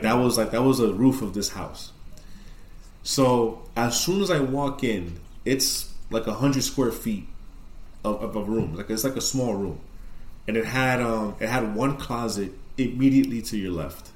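A man's voice: medium pitch, roomy sound. A man casually telling a spooky story on a podcast, rambling and swearing, with lots of fillers. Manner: profane, rambling, animated retelling. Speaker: podcast co-host.

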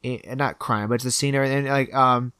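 A man's voice: medium pitch, fairly even intonation, normal speed, bright, forceful tone, clear, resonant tone, dry recording. A man casually recapping a horror film scene by scene, swearing freely and quoting characters in passing.

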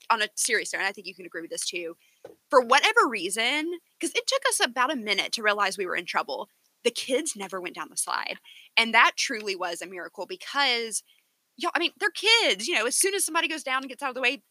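A woman's voice: fairly high pitch, big pitch swings, fast talker, bright, forceful tone. A woman, co-hosting a podcast and telling a story in an emphatic, defensive way. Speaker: podcast co-host. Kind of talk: casual chat.

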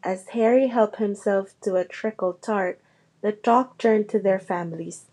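A woman narrating a children's novel chapter aloud in a steady storytelling manner. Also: medium pitch, a little slow. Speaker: reader. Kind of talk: audiobook narration.

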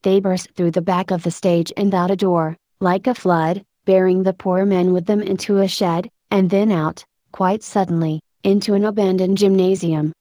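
Woman narrating a story in a low, mellow voice. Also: dry recording. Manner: measured, expressive storytelling. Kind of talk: audiobook narration.

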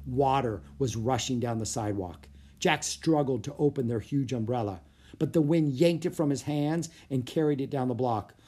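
A narrator reading a children's storybook aloud in a steady, even manner. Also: medium pitch, normal speed, husky. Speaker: audiobook narrator.

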